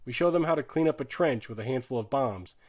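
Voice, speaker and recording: A man narrates a war novel as an audiobook in a voice of middling pitch. His reading is earnest and dramatic. He drops low for grim passages and rises for tense ones. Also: lively intonation, quick pace. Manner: earnest, shifts loudness sharply with the drama. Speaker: audiobook reader.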